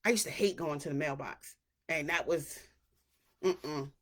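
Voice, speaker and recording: A woman hosting a casual solo podcast, chatty and animated, who acts out the voices of people she quotes. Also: deep voice, measured pace. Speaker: podcast host.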